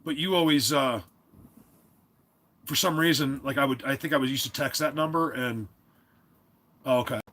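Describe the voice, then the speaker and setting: A man hosting a live stream, chatting casually and rambling, often clearing his throat and restarting his sentences. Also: mid-range voice, moderate pace, pauses often, sharp tone.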